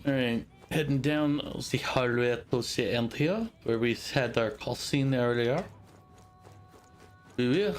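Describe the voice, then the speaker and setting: A man's voice: mid-range voice, unhurried, few pauses, soft background music. A man casually commentating while he plays a video game. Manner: offhand commentary over gameplay. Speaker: gameplay streamer. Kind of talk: casual let's play commentary.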